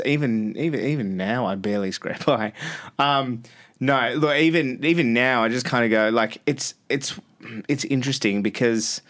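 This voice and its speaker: Australian radio host as a guest, easygoing, chatty, mid-range voice, rambling. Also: male voice, mid-range voice, a bit bright. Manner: laid-back and rambling, with fillers and frequent laughs. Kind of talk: casual podcast interview.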